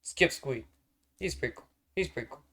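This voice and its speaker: A man's voice: mid-range voice, expressive, normal speed, sharp tone, husky. Profane, rambling male streamer. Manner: rambling, profane and easily exasperated. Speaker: streamer ranking characters on a tier list. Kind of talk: casual live-stream chat.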